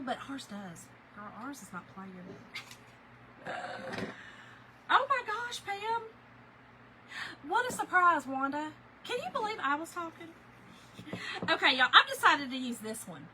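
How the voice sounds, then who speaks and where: Chatty high-voiced woman. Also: a little hiss or hum, poor audio. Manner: chatty, animated storytelling, addresses viewers as y'all and girl. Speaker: crafting livestream host. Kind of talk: casual chat while crafting, reading viewer comments.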